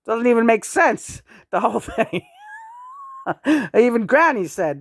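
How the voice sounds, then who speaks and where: A woman's voice: on the high side, wildly swooping pitch, slow pace, pauses often, slightly rough, no echo, clean studio sound. A woman in her sixties chatting casually in a rambling, profane way, often breaking into chuckles. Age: 60s. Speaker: vlogger.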